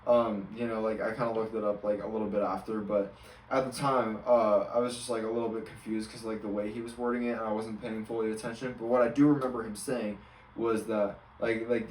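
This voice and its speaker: A man's voice: lowish voice, little pitch movement, fairly quick, darkish tone, roomy sound, distant mic, a little hiss or hum, low-quality recording. A man in his twenties, a college student, rambling through an exasperated story with lots of fillers. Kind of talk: casual storytelling rant.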